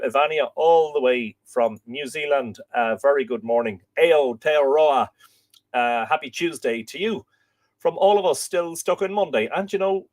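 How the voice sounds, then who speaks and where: An Irish man hosts a live stream and chats his way through viewer comments in a relaxed, rambling manner. His pitch sits in an ordinary middle range, and his talk is full of musing asides and filler words. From Ireland. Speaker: host.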